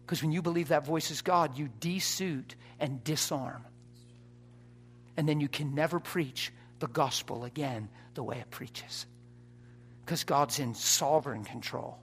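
A man preaching an impassioned sermon, dropping to a hush and rising to shouts. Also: fairly high pitch, unhurried, a little hiss or hum. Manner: impassioned, swings from hushed to shouting.

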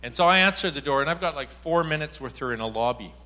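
A middle-aged man preaching to a congregation, retelling a personal anecdote in an animated, chatty way. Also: a little high, fast talker. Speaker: church speaker. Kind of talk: sermon storytelling.

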